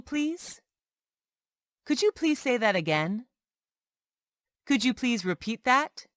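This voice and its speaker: A woman reading short everyday English phrases aloud one by one, clearly and carefully, as a language lesson. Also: a little high, a bit bright, dry recording, studio quality. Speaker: English teacher.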